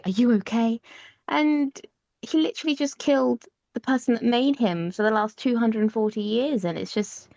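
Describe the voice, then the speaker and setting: A woman's voice: on the high side, dry recording, highs cut off. Chatty woman podcaster, dry sound. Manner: chatty, laughs often, trails off and restarts. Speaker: podcast co-host. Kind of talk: casual chat.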